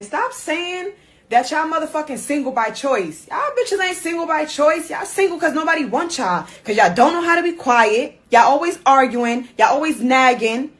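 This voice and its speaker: Woman, high pitch, blunt crude scolding rant, social media clip. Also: expressive, normal speed, a bit bright.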